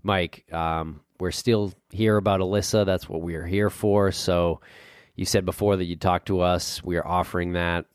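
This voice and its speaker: A man's voice: deep voice, little pitch movement, normal speed, smooth, no room sound, studio quality, lightly acted. A man playing an adult male police detective who keeps pressing a prisoner to talk, in a dramatized interview reading. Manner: pressing, insistent.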